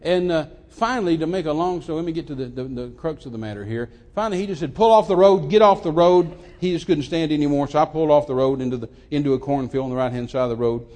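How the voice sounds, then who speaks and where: An older man, preaching a sermon as a lively story, often repeating words, on a handheld mic in a church. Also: on the high side, very fast, few pauses. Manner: animated, repeats words, acts out quoted voices. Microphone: handheld microphone.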